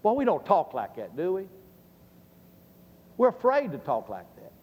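A man's voice: high-pitched, wildly swooping pitch, a little slow, darkish tone, husky. A middle-aged man teaching a Bible lesson sermon-style, emphatic and quizzing his listeners with questions he then answers. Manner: emphatic, asks the audience questions and answers them. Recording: long reverb of a large hall.

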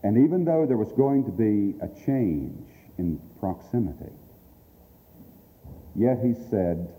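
Slow, dark-voiced man preaching earnestly. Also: on the low side, animated. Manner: earnest, emphatic repetition with drawn-out pauses. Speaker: ministry leader speaking on radio outreach. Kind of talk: sermon-style address. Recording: long hall reverb.

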